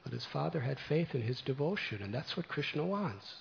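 Gravelly preacher telling a devotional tale. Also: male voice, on the high side, fairly quick, muffled recording, a little hiss or hum. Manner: gentle, animated storytelling. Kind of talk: devotional storytelling sermon.

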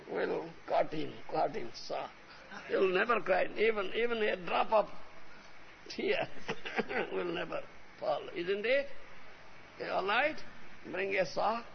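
A man gives an emphatic devotional sermon. He constantly checks in with his listeners. His high, gravelly voice swings widely in pitch, heard on a dull recording with a faint hiss. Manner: emphatic, frequently asks "huh?" and "you understand?". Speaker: spiritual teacher.

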